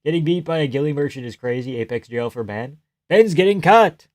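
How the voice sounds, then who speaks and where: A man's voice: on the high side, expressive, brisk, a little mellow, no echo. A young man hosting a live stream, casually chatting and reading viewer comments aloud, swearing freely and laughing often.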